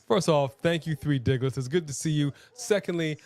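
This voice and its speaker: A man's voice: fairly high pitch, normal speed, a little mellow. A man co-hosting a live wrestling watch-along, chatting casually and joking around. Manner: joking, playful, jumps into silly voices. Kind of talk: casual live-stream chat.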